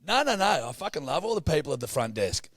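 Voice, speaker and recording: A man co-hosting a casual podcast tells a story packed with swearing, animatedly acting out the people in it. His voice is a little high and quick, recorded at studio quality with no room sound.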